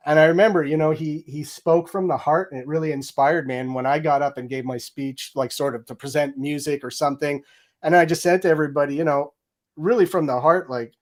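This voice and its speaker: A man's voice: on the high side, fairly even intonation, brisk. A middle-aged man telling a story with energy in an interview, acting out his own quoted lines. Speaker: guest, game audio director.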